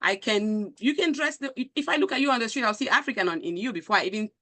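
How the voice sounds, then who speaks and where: A woman's voice: a little high, lively intonation, fast, fairly bright tone. A woman with a Nigerian accent hosting a conversation, speaking with passion and conviction and reading out viewer comments. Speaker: show host. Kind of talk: live-stream conversation.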